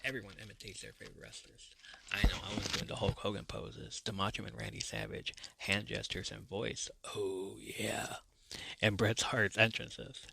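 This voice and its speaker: A man's voice: fairly low pitch, little pitch movement, normal speed, creaky, heavy background noise. A man hosting a podcast, talking in a chatty, nostalgic way. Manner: nostalgic, chatty, laughs easily. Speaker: podcast host. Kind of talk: casual podcast monologue.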